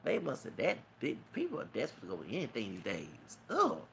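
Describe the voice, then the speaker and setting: A man's voice: mid-range voice, wildly swooping pitch, fairly quick, gravelly, slight background noise. A man giving an emotional, preachy, rambling rant as a vlogger. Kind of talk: impassioned rant to camera.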